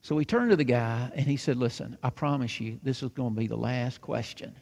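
A man preaching a sermon, telling a story with lively acted-out dialogue and hushed moments. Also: mid-range voice, fairly quick, creaky. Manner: animated, acts out dialogue, drops to hushed tones. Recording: long reverb of a large hall.

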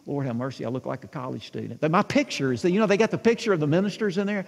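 A man's voice: a little high, very fast, gravelly, big-room sound. A man in his sixties preaching a sermon, telling stories with animation and asking the congregation questions. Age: 60s. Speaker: pastor.

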